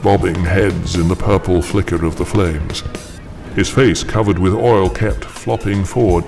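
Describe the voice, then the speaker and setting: A man narrating a story with dramatic intensity, pushing his voice much higher whenever he quotes a character. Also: steady tone, a little slow. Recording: narration with clear background music.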